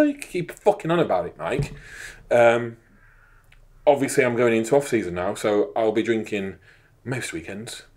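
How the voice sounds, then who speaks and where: A man's voice: fairly low pitch, a little mellow. A man, co-hosting a casual fitness podcast, rambling and swearing as he mocks himself. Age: 30s. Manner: rambling, sweary, self-mocking. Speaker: podcast co-host. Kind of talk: casual banter.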